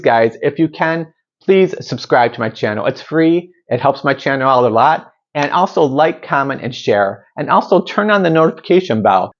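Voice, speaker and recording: A man's voice: mid-range voice, dull audio. A man hosting a movie reaction video, chatting in an upbeat way and wondering aloud about what he sees. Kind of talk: casual reaction commentary.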